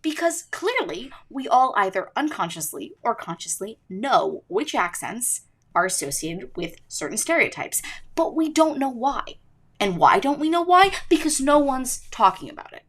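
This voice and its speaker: A woman's voice: medium pitch, very animated, moderate pace, fairly bright tone. A teenage girl hosting her own podcast, narrating with emphatic, swooping delivery. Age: teens. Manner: emphatic, rising and falling delivery. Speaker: student podcast host.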